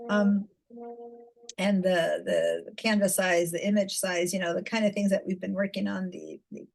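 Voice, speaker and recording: A woman's voice: mid-range voice, flat delivery, moderate pace, gravelly, a little mellow, rough recording. A woman teaching a design class over a video call, chatty, with many fillers and restarts. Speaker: design instructor. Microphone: computer mic on video call.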